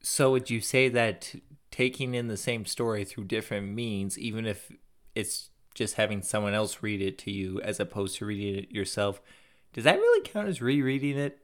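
A man's voice: lowish voice, animated, normal speed. A man co-hosting a casual podcast, with a dry, sardonic, teasing way of talking. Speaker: podcast co-host. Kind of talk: casual chat.

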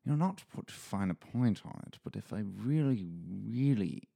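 A man's voice: on the low side, expressive, normal speed, vocal fry, mellow, husky. A man who reads audiobooks, tired and punchy after a long day in the studio, rambling jokily and slipping into mock-British pub talk. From Washington State, USA. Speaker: audiobook reader. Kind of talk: rambling off-script chat. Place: recording studio.

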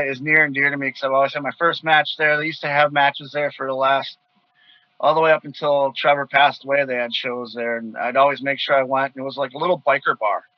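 A man from Wisconsin tells stories in a casual, animated way, bursting into loud quoted voices. His voice sits a little high for a man. The sound is dry and slightly muffled. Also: dry recording. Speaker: guest wrestler telling stories. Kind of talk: casual storytelling.

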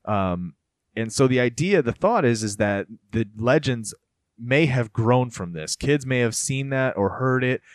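A man hosting a casual podcast chat, telling stories in a rambling, animated way with lots of fillers. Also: medium pitch, unhurried, no room sound, studio quality. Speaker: podcast host.

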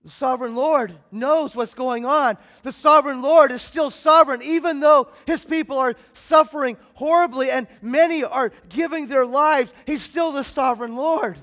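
A man preaching a sermon as pastor, swinging between loud emphatic bursts and quiet, low passages. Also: moderate pace, hardly any pauses. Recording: long hall reverb.

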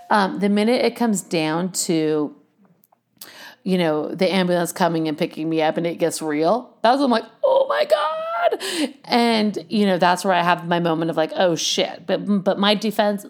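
A woman's voice: fairly low pitch, darkish tone. A young woman telling a candid, rambling personal story in a casual way, with lots of fillers and frequent laughter. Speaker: vlogger sharing a health story.

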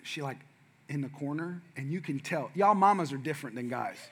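A man's voice: a little high, lively intonation, a little fast, a little hiss or hum. A middle-aged male pastor telling a funny family story in a playful, conversational sermon, calling out to the congregation.

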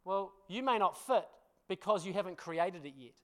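A male pastor, preaching a sermon through animated, self-deprecating storytelling, often laughing and checking in with the congregation. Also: high voice, moderate pace. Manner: addresses congregation with frequent "you know" and "hmm?".

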